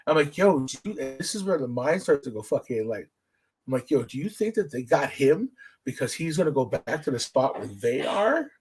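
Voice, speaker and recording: A man hosting a podcast, telling stories in a casual, profane, animated way. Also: normal speed, breathy edge. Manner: animated, profane storytelling with big pitch swings. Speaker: podcast host.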